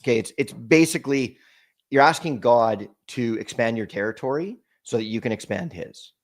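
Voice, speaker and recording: A man, a podcast guest, telling an emotional personal story in a halting way, with frequent restarts and repeated words. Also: mid-range voice, animated.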